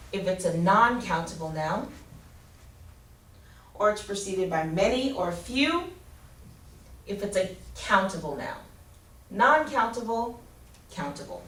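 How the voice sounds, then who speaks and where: A woman teaching an English grammar lesson, explaining slowly and clearly and spelling out letters. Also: mid-range voice, lively intonation, a bit bright. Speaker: ESL teacher. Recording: roomy, distant mic with faint ambience.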